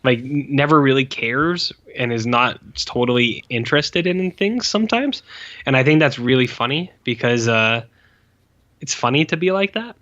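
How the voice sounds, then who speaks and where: A man's voice: medium pitch, expressive, moderate pace, bright, forceful tone, dull audio. A man in his forties co-hosting a podcast, chatting casually about an old film with rambling, profane asides and lots of fillers. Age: 40s. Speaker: podcast co-host. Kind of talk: casual film review chat.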